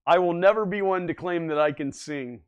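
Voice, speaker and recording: A man's voice: fairly high pitch, a little fast, clear, resonant tone, lo-fi sound. A man hosting a livestream, chatting casually and reading viewer comments aloud, easygoing and often laughing. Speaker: livestream host.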